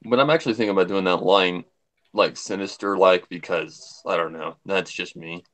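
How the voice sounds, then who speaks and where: A man's voice: low-pitched, normal speed, a bit bright, slight background noise. A man chatting casually on a livestream, a voice actor who jumps between voices to demonstrate them.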